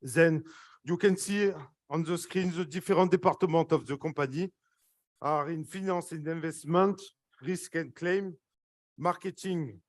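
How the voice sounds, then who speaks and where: A man with a French accent giving an earnest, halting stage speech, full of fillers and apologies. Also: on the high side. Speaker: guest speaker presenting a project.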